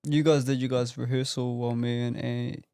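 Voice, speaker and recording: NZ male co-host, smooth resonant voice, matter-of-fact, casual. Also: mid-range voice, little pitch movement, normal speed, dark tone, dry recording, clean studio sound. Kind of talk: casual chat.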